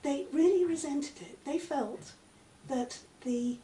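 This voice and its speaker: Older woman, high mellow voice, measured academic answers, recorded far off in an echoey room. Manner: measured, articulate, many "um" pauses. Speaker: interviewee, literature professor. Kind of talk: conversational interview. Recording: echoey room, mic at a distance, faint noise.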